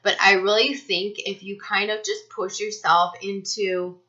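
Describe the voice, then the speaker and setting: A woman with a bright, forceful voice talks through a spiritual card reading in a rambling, earnest way, full of "you know" and "um". The recording sounds muffled and lo-fi. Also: medium pitch, level tone, a little slow. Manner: rambling, earnest, filler-heavy. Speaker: spiritual reader. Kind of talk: casual energy reading monologue.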